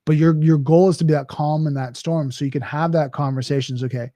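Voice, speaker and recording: A man's voice: a little high, fairly even intonation, quick pace, dark tone, dry recording. A man hosting a podcast, talking in a casual, conversational monologue with frequent restarts and "right?" asides. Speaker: podcast host.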